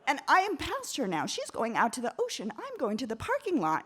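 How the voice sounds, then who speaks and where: A woman from Oakland telling a candid, comic story live on stage, getting animated as she goes. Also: high voice, a little fast, hardly any pauses. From Oakland, United States.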